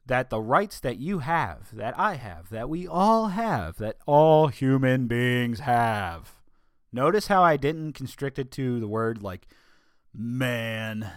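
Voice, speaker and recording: A man giving an opinion monologue, emphatic with sarcastic asides, slowing down to stress key words. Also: medium pitch, dry recording, clean studio sound. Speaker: political commentator.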